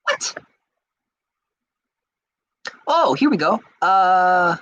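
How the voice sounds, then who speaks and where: A man with a fairly high, bright and forceful voice chats casually as a podcast host. He answers viewer comments one after another, excitable and rambling, often restarting his sentences. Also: a little slow, dry recording, poor audio.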